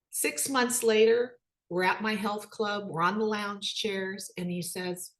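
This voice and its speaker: A children's book author tells personal stories at a slow pace, animatedly acting out quoted dialogue with a rising pitch.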